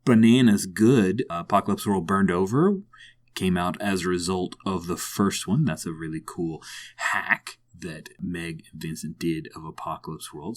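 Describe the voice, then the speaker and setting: A man who hosts the show, playing his character in first person and then chatting as interviewer. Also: low-pitched. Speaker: podcast host playing a character. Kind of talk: tabletop role-play in first person, then interview chat.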